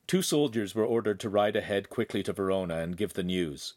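A man narrating an audiobook in a steady, even storytelling manner. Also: lowish voice, fairly quick.

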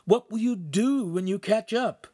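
A man's voice: sits high, unhurried, mellow, breathy edge, dry recording, studio quality, voice pushed up. A man voicing a small, cautious male imp who speaks in a precise, analytical way. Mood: alarmed.

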